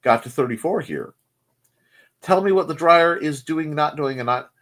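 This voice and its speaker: A man's voice: on the high side, lively intonation, moderate pace, fairly bright tone. A man hosting a casual live morning stream, rambling through chat greetings with jokey, self-deprecating asides. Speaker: host of a live morning show.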